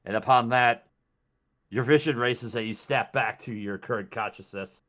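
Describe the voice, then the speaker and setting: A man narrating a tabletop game as dungeon master, describing scenes in an expressive way. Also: medium pitch, moderate pace.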